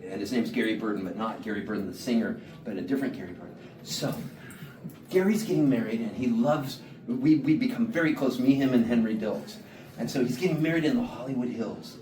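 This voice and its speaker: A man's voice: mid-range voice, a little mellow. Laid-back man telling a rambling comic story. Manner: laid-back, laughing, quotes people in voices. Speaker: singer-songwriter telling a story on stage. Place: small showcase room, live audience. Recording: roomy live room, mic at a distance, background noise.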